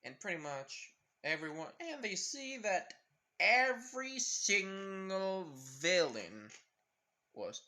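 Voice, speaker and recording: A male storyteller casually retelling a fan-made story, rambling along and leaning on the same filler phrases. His voice is lively in pitch and bright in tone.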